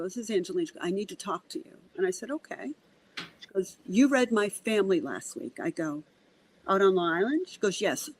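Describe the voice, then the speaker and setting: A woman's voice: medium pitch, rough recording. A woman working as a medium, a podcast guest telling stories in a conversational way. She acts out the dialogue and often repeats words as she starts a sentence. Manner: animated, acts out dialogue in quotes. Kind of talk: conversational storytelling.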